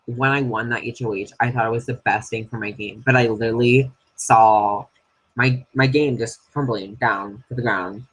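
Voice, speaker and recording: A man's voice: medium pitch, moderate pace, slightly rough, rough recording. A man recording an angry, profanity-heavy confessional about being targeted in an online game. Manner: frustrated ranting with heavy swearing.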